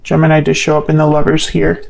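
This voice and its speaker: A woman's voice: deep voice, monotone, fast, vocal fry, a little mellow, slight background noise, low-quality recording. A woman giving a solo tarot love reading, thinking aloud in a hesitant way and asking the cards questions as she goes. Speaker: tarot reader.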